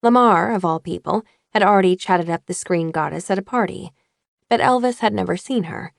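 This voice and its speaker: A woman narrating an audiobook in a measured, even reading voice. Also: fairly low pitch, creaky, no echo, studio quality.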